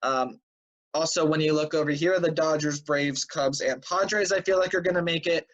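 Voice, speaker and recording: A man with a slightly high voice recaps the week's games in a chatty, rambling way, full of fillers. He sounds tired. The sound is dull and lo-fi, like a cheap home recording. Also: normal speed, a bit bright. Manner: chatty, filler-heavy, offhand predictions. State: tired and yawning. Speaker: sports show host. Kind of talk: casual sports news recap.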